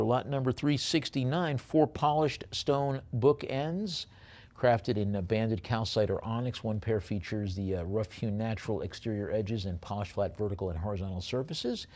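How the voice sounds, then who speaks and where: Older male auctioneer, New York accent, rapid bid calls mixed with wry jokes, mid-range voice. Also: mid-range voice, a little mellow. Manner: chatty, joking asides between rapid bid calls. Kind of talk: live auction calling.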